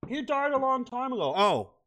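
A man's voice: very high voice, very animated, normal speed, sharp tone. A man delivering a bitter, profane solo rant as a vlogger, repeating himself as he goes. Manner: profane, repetitive, bitter and heated. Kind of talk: ranting solo monologue.

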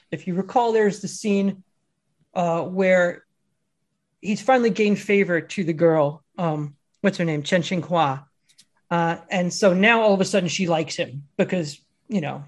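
A man co-hosting a casual film chat, telling stories in an animated way and laughing often. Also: sits high, moderate pace. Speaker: podcast co-host.

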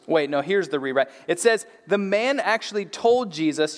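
High-voiced pastor in a church hall. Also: male voice, animated, brisk, few pauses. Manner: conversational with playful asides. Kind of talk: sermon.

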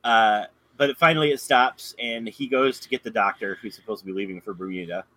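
A man's voice: fairly low pitch, brisk, pushed and bright, dry recording, low-quality recording. A man in casual chat, rambling through a recap with plenty of fillers and self-corrections. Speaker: podcast co-host.

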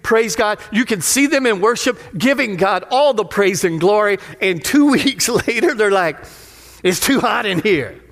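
Man, pastor, very high lively voice, playful sermon, long church hall reverb. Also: moderate pace, hardly any pauses. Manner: lively, playful, asks the crowd questions. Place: church sanctuary.

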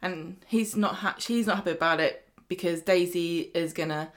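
A woman co-hosting a casual chat, retelling soap scenes with lively quoted voices. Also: lowish voice, normal speed. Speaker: podcast co-host.

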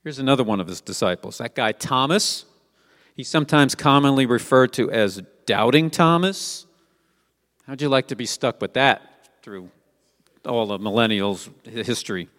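A man's voice: mid-range voice, moderate pace, a bit bright. Man preaching in a reverberant hall. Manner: conversational, asks rhetorical questions. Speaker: Messianic teacher. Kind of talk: sermon with scripture reading.

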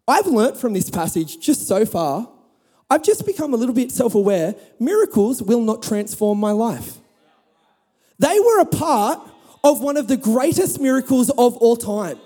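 Male pastor, sermon, warm mellow tone, emphatic storytelling, humorous. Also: extremely high pitch, in a large hall. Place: church hall with audience.

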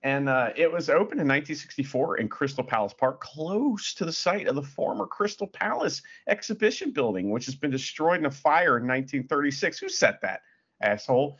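Husky-voiced man joking through a podcast. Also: a little high, animated, brisk, fairly bright tone, dull audio. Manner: joking, profane, reads facts aloud with asides. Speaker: podcast co-host. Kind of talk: casual chat.

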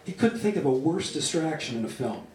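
A man's voice: on the high side, sing-song, fairly quick, a little mellow, a little hiss or hum. A man giving a live reading of crude comic fiction, delivered wryly. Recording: roomy sound from a distant mic.

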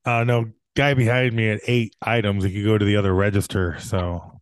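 A man's voice: on the low side, level tone, a little fast, clean tone, no echo, clean studio sound. A man co-hosting a podcast, chatting casually and tossing in punny wisecracks. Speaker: podcast co-host. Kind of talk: casual chat.

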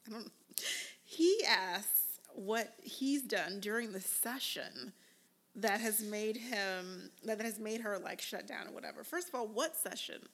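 Gravelly-voiced woman chatting casually. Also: medium pitch, slow. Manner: animated, mimics cast members with exaggerated quotes. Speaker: podcast co-host recapping a reality show. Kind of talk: casual chat.

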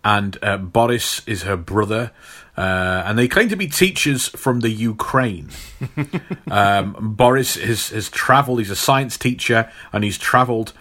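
Man, casual host, rambling story retelling, bright forceful tone. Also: fairly low pitch, measured pace. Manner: rambling, with many fillers and laughs.

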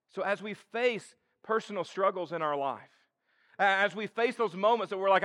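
A man's voice: high voice, fairly quick. A male pastor preaching a sermon in church, speaking in a casual way and addressing the congregation directly. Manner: conversational and expressive, talks to the congregation directly.

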